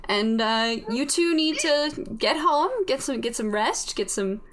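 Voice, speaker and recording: Woman doing a doubtful motherly grown-up, soothing, higher voice. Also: animated, measured pace. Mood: concerned. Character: concerned adult woman, motherly and skeptical.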